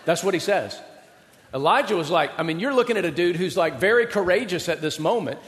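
A man preaching a sermon in an animated, conversational storytelling manner, recorded in a church sanctuary. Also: high-pitched, a little fast. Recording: reverberant hall.

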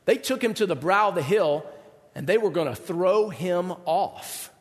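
Guy preaching a sermon, high voice, acts out the voices in the story, big echoey hall. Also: unhurried. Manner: animated, acts out quoted voices with big pitch swings. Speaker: pastor.

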